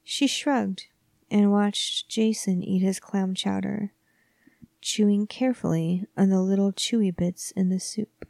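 A woman narrating a horror story in a soft, hushed, often whispery voice, measured and calm. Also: medium pitch, vocal fry, no echo.

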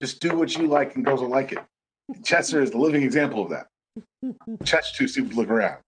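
A man's voice: medium pitch, quick pace, a crowd in the background, poor audio. A man co-hosting a casual podcast review of a TV episode, emphatic and profane, riffing on the characters with mock dialogue. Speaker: podcast co-host.

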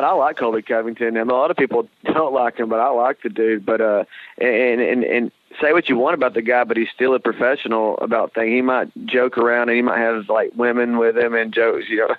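A man with a drawl talks through fight results in a loose, rambling way, circling back with fillers and blunt cursing. His voice comes through a dry, tinny, phone-like line. He sits at an ordinary pitch. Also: steady tone, fairly quick, no echo. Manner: rambling, many restarts and fillers, blunt with swearing. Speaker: co-host of a fight podcast. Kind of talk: casual sports talk.

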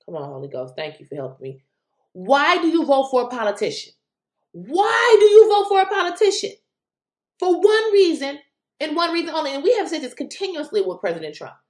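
A woman delivers political commentary with a lively, swooping voice. She sounds incredulous and raises her voice now and then. The room around her is echoey. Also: high-pitched, fast. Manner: animated, incredulous, exclaims loudly at times. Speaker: commentary vlogger.

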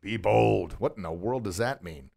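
A man's voice: on the low side, normal speed, vocal fry, darkish tone. A man hosting a coaching podcast from a recording studio, encouraging and upbeat, quizzing his listener with questions and praising the answers. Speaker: podcast host and martial arts instructor. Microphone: studio microphone.

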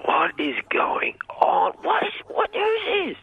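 A man's voice: very high-pitched, wildly swooping pitch, takes it slowly, no room sound, narrow, tinny audio, exaggerated voice. An actor playing a grumpy man, woken by a prank call, who turns irritable and threatening. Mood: angry.

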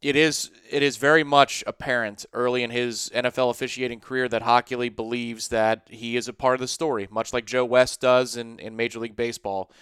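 Casting note: man, sports podcast co-host, chatty storyteller, bright crisp voice, dry close sound. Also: mid-range voice, brisk, hardly any pauses, dry recording. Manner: chatty, animated storytelling with asides.

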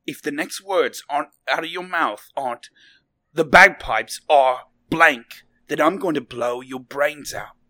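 Brash bright-voiced male player. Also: fairly high pitch, moderate pace, few pauses. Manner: brash, theatrical. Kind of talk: casual tabletop play.

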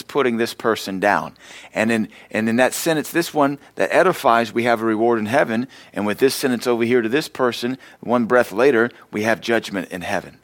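A man's voice: mid-range voice, fairly bright tone, no room sound. Guy pastor giving a chatty sermon, mid voice, dry close sound, tells stories on himself. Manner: conversational preaching with self-deprecating stories. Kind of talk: sermon teaching.

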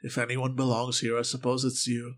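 A man voicing a mysterious stranger who seems young yet carries himself like an old man, speaking in a soft, gentle, knowing way. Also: mid-range voice, fairly quick, lightly acted. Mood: calm, knowing. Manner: calm, fond, knowing.

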